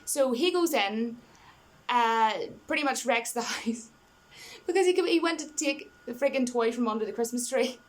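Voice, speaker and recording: A woman's voice: fairly high pitch, expressive, moderate pace. A woman giving a casual, rambling film review, enthusiastic and laughing between points, full of "you know" and restarts.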